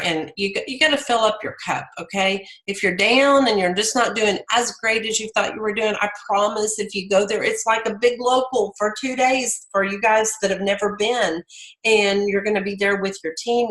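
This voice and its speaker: A woman's voice: medium pitch, normal speed, a bit bright, echoey room, low-quality recording. A middle-aged woman giving a rambling, chatty motivational talk to her team on a video call. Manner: rambling, chatty, full of fillers and restarts. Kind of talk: casual motivational pep talk.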